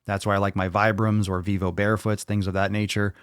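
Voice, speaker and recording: A man's voice: lowish voice, level tone, brisk, clear, resonant tone, no room sound, clean studio sound. A man hosting a fitness podcast, answering viewer questions in a casual live Q&A, blunt and profane as he reads comments and rants back.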